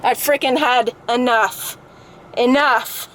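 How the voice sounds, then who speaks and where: A woman's voice: fairly high pitch, steady tone, takes it slowly, fairly bright tone, slight background noise, low-quality recording. A woman vlogger venting in frustration about a bad experience, talking to a phone camera from a parked car. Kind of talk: angry personal vlog rant.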